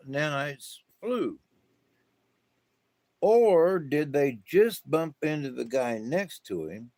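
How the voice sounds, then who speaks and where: Middle-aged man, slow meandering spiritual talk, dry close sound. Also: medium pitch, no echo. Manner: slow, meandering, many fillers and restarts. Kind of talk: rambling casual monologue.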